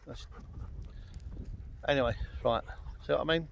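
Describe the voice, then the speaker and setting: Speaking a little slowly in a creaky, medium-pitched voice, this male vlogger from London rambles casually on a Welsh hillside. Dogs can be heard nearby, the recording has a slight hiss or hum, and his talk is full of ums and uhs.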